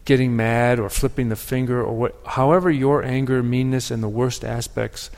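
A man giving a sermon as pastor, speaking in a reflective, measured way with pauses and restarts. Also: medium pitch, fairly even intonation, a little mellow. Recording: long hall reverb.

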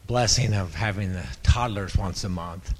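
A man's voice: low voice, normal speed. A man in a church group earnestly sharing a heartfelt experience.

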